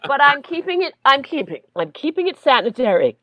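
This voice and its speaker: A woman's voice: high voice, big pitch swings, brisk, dry recording, muffled recording. A woman comedian chatting with hosts on a video call. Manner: chatty, laughs easily. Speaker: comedian guest. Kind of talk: casual video-call chat.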